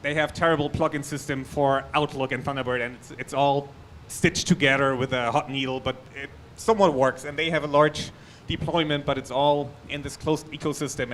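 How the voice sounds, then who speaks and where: A man's voice: medium pitch, a bit bright, slight background noise. A man with a German accent giving a conference talk on a technical topic, loose and chatty, with restarts and asides. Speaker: conference speaker. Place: conference hall.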